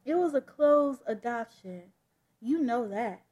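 A woman voicing a gentle adoptive mother who speaks softly and reassuringly in a comic book read-aloud. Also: fairly high pitch, lively intonation, measured pace, slightly rough. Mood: soothing. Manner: soft, reassuring.

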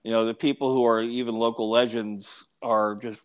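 A man's voice: medium pitch, flat delivery, normal speed, smooth. Hesitant man on a dull, lo-fi line. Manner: hesitant, repeats words. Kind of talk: casual conversation. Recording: dull lo-fi sound.

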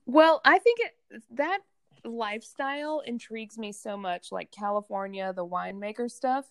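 A woman chatting casually as a co-host, full of "like" and quick laughs. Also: a little high, no room sound. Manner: chatty, laughs often, lots of "like". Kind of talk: casual chat.

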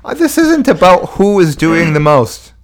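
A man's voice: high voice, sing-song, a little slow. Exasperated young man ranting on a podcast. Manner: heated, exasperated, mocks others in put-on quotes. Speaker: podcast co-host. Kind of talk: casual profane banter.

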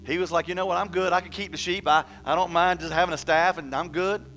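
A man preaching a sermon in an animated way, acting out Bible figures with a rising voice and often repeating words as he goes. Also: high voice, fast, slight background noise. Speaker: pastor.

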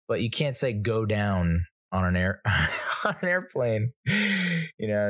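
A middle-aged man hosting a podcast, telling a rambling, self-correcting funny story and chuckling at his own jokes. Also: lowish voice. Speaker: podcast host. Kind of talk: casual storytelling monologue.

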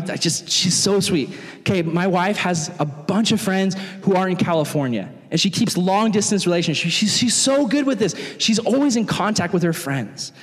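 Animated high-voiced young preacher man. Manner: animated, conversational, acts out voices. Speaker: youth pastor. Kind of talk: sermon to young people. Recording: long hall reverb.

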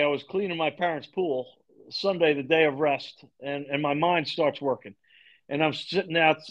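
Here the same kind of speaker, a middle-aged Long Island lacrosse coach, is a podcast guest spinning animated stories and performing the quoted lines himself. The pitch is fairly high, and the audio sounds dull.

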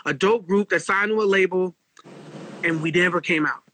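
A man in his forties telling animated stories as an interview guest, acting out quotes with heavy slang and swearing. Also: high-pitched, moderate pace, a little hiss or hum, rough recording. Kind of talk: casual storytelling interview.

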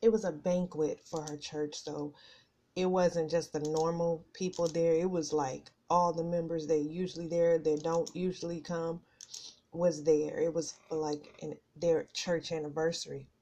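A woman's voice: low voice, level tone, a little slow, dark tone. A middle-aged woman, hosting a casual podcast, nervous and out of breath, rambling with many fillers. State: out of breath from nerves. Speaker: podcast host. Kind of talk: casual personal chat. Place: home office at a computer.

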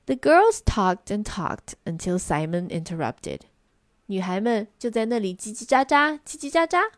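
Woman storyteller, animated bilingual read-aloud, dry close mic. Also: mid-range voice, moderate pace, no room sound. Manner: expressive, lively storybook reading. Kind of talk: bilingual children's story reading.

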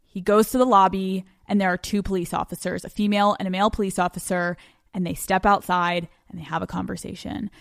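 A woman's voice: mid-range voice, flat delivery, gravelly, no room sound, studio quality. Dramatic, profane woman podcaster. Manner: profane, dramatic, fast bursts with laughs. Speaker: podcast host. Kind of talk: storytelling monologue.

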